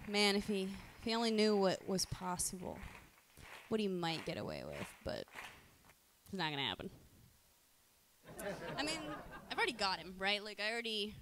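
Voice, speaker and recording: A woman's voice: medium pitch, huge pitch swings, moderate pace, noisy background. A woman streaming live, talking in a casual, rambling monologue full of swearing and fillers. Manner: crude, profane, rambling with many fillers.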